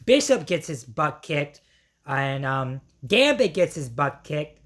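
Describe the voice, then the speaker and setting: A woman reviewer giving an excited, casual recap, her voice strained from yelling. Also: deep voice, slow. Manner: excitable, many fillers and slang.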